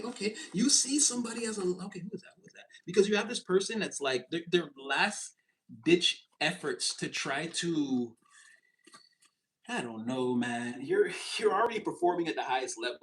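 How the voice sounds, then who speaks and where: A man giving a casual tarot reading, animated and laughing, slipping into mocking voices. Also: a little high, poor audio. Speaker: tarot reader.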